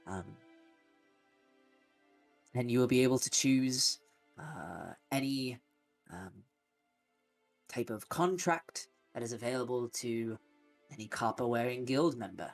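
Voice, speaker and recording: A man narrating as game master of a tabletop game, often pausing with ums, with faint music behind. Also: medium pitch, expressive. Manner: hesitant, many ums.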